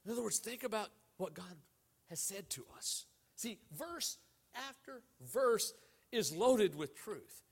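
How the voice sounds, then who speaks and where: A male preacher delivers a sermon, weaving in stories as he goes. His voice sits fairly high, and he talks animatedly, rising loud and dropping to quiet. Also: takes it slowly, vocal fry, slightly rough. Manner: animated, wide swings in pitch and volume. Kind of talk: sermon with storytelling.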